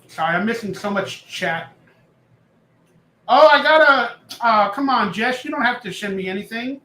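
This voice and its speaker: A bright, high-voiced man hosting a loose live stream, chatting and reading viewer comments aloud. His voice rings out in an echoey room, relaxed and rambling. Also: normal speed. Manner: chatty, reads chat aloud, jokes and rambles. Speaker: livestream host. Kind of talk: casual live-stream chat.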